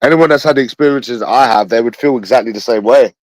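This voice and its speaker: A man's voice: medium pitch, fast talker, no room sound, poor audio. A man with a London accent, talking to his viewers in a rambling livestream monologue. He sounds bitter, repeats himself and swears often.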